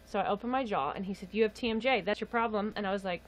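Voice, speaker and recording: A woman's voice: mid-range voice, lively intonation, quick pace, rough recording. A young woman on a casual livestream, telling a story in a chatty, exasperated way and laughing often. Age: young adult. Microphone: webcam or phone mic.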